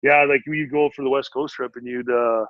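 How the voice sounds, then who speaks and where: A man's voice: mid-range voice, little pitch movement, normal speed, no echo. Rambling storyteller man, dull dry audio. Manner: rambling, laughs a lot. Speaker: guest, former pro hockey player. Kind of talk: casual storytelling. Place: home, family nearby.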